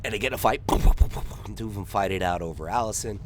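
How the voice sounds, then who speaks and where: A man's voice: lowish voice, brisk, background noise. A man doing gameplay commentary, telling a long rambling joke and acting out the characters in raised voices.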